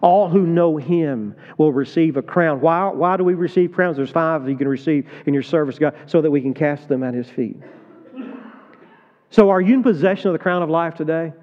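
A middle-aged man preaching a sermon, swinging between loud urgent appeals and low, tender confiding. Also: moderate pace, in a large hall, dull audio. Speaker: pastor. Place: church sanctuary.

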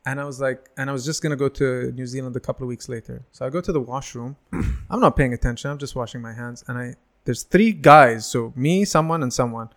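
A stand-up comedian in his thirties tells stories during a casual chat, speaking fast in a mid-range voice with few pauses. He's animated and imitates the voices of the people he quotes.

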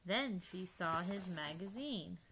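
A woman's voice: lowish voice, slow, poor audio. Playful woman reading a picture book. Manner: lively, playful, drops to hushed whispers. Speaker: reader. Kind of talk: storybook read-aloud.

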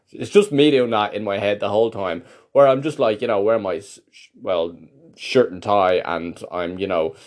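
A man with a very low voice talks through a casual, rambling monologue. He is wry and keeps circling back on himself as he goes. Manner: wry, meandering, self-interrupting. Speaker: monologue host.

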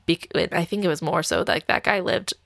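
A woman's voice: lowish voice, fairly even intonation, normal speed, gravelly, fairly bright tone, no room sound, clean studio sound. A young adult woman casually telling a dating story, full of "like" fillers and light laughs. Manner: chatty, heavy filler use of "like", frequent light laughs.

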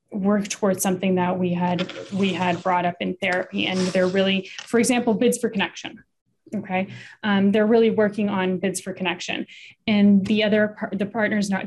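A woman's voice: medium pitch, a little mellow. A woman therapist explaining couples communication in casual conversation, with frequent fillers and restarts. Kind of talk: casual podcast chat.

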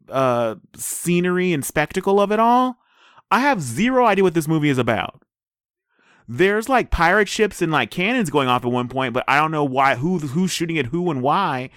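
Man, podcast co-host, casual rambling chat, lively swooping pitch, dry close sound. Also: smooth, no echo. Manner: animated, rambling, laughs often. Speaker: podcast co-host reviewing trailers.

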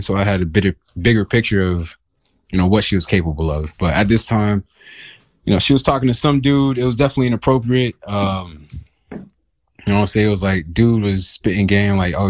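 A man's voice: fairly low pitch, no echo. A young man casually telling a personal story on a podcast, meandering and laid-back with many fillers. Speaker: guest telling his story.

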